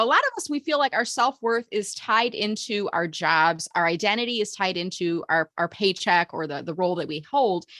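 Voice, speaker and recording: A woman's voice: fairly high pitch, pushed and bright, no echo, studio quality. A woman hosting a job seeker video meeting, encouraging and upbeat, leading a call-and-response mantra and giving motivational coaching.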